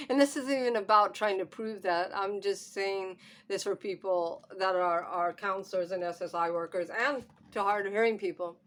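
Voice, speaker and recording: Speaking at a moderate pace with fairly even intonation and medium pitch, a woman who is hard of hearing records an emotional vlog at home. She is upset, fighting tears, and laughs nervously into the camera.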